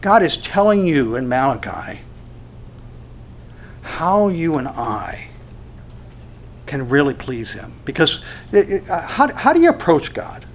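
Animated man preaching a sermon. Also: fairly high pitch, slow pace, pauses often, a little hiss or hum. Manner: animated preaching, acts out quoted dialogue, frequent restarts. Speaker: pastor.

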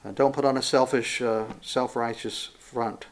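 A male pastor preaching in a relaxed, folksy way with frequent fillers and restarts. He slows down and raises his voice when reading scripture verses aloud. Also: medium pitch. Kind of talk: conversational sermon with scripture reading.

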